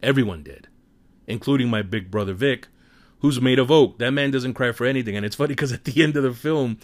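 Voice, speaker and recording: A man giving a casual spoiler movie review, retelling scenes in an animated, profane storytelling manner. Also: mid-range voice, a little fast, no room sound.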